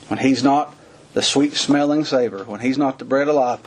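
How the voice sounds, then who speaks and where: A man's voice: medium pitch, fairly quick, a little mellow, slightly rough. A middle-aged man preaching a sermon in a folksy, dramatic way that rises into urgent cries.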